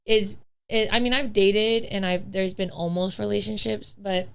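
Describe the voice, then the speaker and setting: A woman's voice: mid-range voice, steady tone, moderate pace, creaky, clean tone. A young woman, a podcast guest, chatting casually and telling her dating stories in a blunt, candid way with some swearing. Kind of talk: casual chat.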